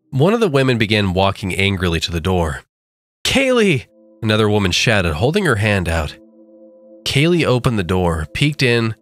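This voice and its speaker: A man with a low voice reads a horror tale, letting his pitch rise and fall dramatically. Soft music sits beneath the narration. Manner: measured, dramatic storytelling. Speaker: creepypasta narrator. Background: faint background music.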